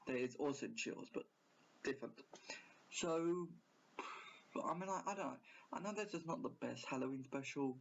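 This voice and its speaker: Man, casual YouTube reviewer, rambling and hesitant, mid-pitched, dull lo-fi recording. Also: normal speed, creaky, long pauses. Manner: rambling, self-correcting, hesitant.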